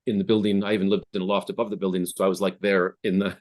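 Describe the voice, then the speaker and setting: Casting: low-pitched man, founder guest, halting, restarts often, home-office video call. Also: little pitch movement. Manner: hesitant, many restarts and fillers. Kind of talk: casual interview conversation.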